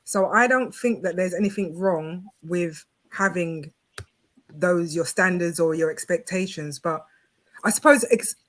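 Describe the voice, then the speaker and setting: A woman's voice: lowish voice, a little slow, a bit bright. Firm mother giving her view. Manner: firm, opinionated, speaks as a mother. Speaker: panel guest. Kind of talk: casual panel discussion.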